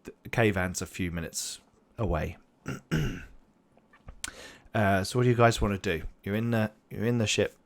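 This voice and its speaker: A man's voice: lowish voice, a little slow, gravelly, pauses often. A man narrating a tabletop game as game master, rambling with many fillers.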